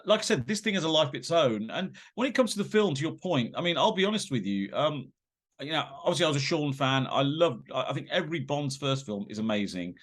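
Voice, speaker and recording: A man, a guest on an interview podcast, telling rambling, animated anecdotes with many fillers and restarts. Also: a little high, fast talker.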